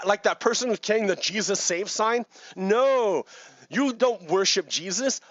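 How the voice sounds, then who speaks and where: A man with a fairly high voice talks loosely over news footage, restarting phrases and chuckling as he goes. The recording is dry and a little muffled, like a cheap home mic. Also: fairly bright tone, no room sound. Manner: rambling, repeats words, laughs between points. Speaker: video commentator. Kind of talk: casual commentary on news clips.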